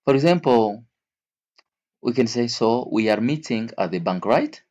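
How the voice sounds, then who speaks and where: A man teaching English vocabulary to learners, speaking slowly and repeating each word and example several times. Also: mid-range voice, expressive, darkish tone, highs cut off. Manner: slow, repeats words and examples.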